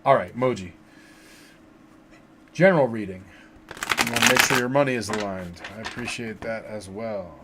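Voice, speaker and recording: A man hosting a casual livestream tarot reading, reading viewers' names from the chat and giving relaxed advice, with many fillers and repeated words. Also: fairly low pitch, moderate pace, pauses often, background noise.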